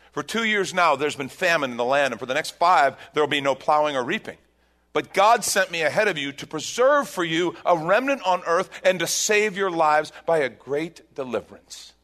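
Man preaching a story-driven sermon. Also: mid-range voice. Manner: animated storytelling, retelling scripture with emphatic rises. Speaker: pastor.

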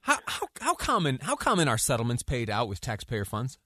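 A man's voice: mid-range voice, huge pitch swings, brisk, fairly bright tone, dry recording. A man hosting a talk radio show, introducing a guest and asking questions with many restarts and fillers.

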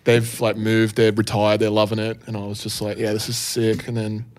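A man's voice: on the low side, completely flat delivery, fairly quick. A man co-hosting a podcast, laid-back in casual chat, swearing freely. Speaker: podcast co-host.

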